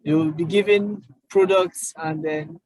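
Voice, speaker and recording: A young Nigerian man telling his own story as an interview guest, halting with many fillers and restarts. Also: on the high side, fairly even intonation, a little mellow, dry recording, rough recording. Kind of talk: casual interview chat.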